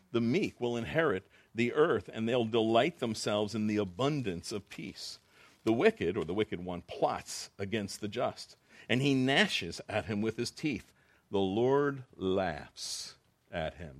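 A man's voice: lowish voice, lively intonation, a little slow. A man preaching as a pastor, reading Bible verses and explaining them in a conversational way, often repeating phrases and restarting sentences.

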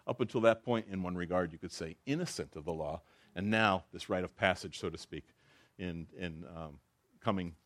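Low-voiced man preaching, dry room. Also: no room sound. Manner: conversational, tells jokes as he teaches. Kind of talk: informal Bible teaching.

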